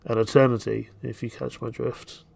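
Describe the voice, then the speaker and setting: A man's voice: medium pitch, little pitch movement, moderate pace, gravelly, darkish tone, husky, no echo. A man voicing a smug talking ocean in a video game, mock-polite and insinuating. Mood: sly teasing.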